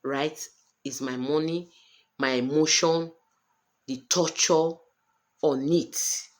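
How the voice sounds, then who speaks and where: A woman's voice: deep voice, steady tone, takes it slowly. A Nigerian woman in her thirties talking straight to camera in a personal vlog, speaking in an emphatic, earnest way and repeating her points. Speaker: vlogger sharing a personal story.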